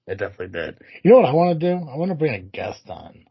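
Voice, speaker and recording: Husky-voiced man, casual podcast chat. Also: mid-range voice, sing-song, quick pace, dry recording. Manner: loose, swearing, rambling with fillers. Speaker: podcast co-host. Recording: dull muffled podcast audio.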